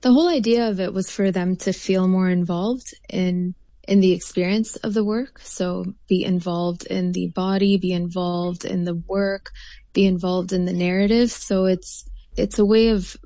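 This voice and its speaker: Woman artist, interview guest, low gravelly voice, mellow tone, thoughtful with many fillers. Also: steady tone, normal speed, dry recording. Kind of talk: interview answers.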